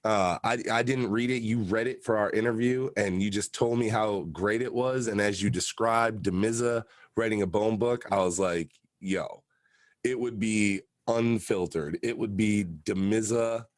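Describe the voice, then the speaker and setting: Podcast host, male, middle pitch, emphatic and casual, dry booth sound. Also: measured pace, no echo. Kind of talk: casual chat.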